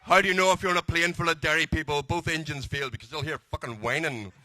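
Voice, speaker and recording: A man's voice: fairly high pitch, fairly even intonation, fast talker, sharp tone, faint music behind. A man doing cheeky, crude stand-up at a dinner. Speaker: after-dinner comedian. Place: large dinner function room.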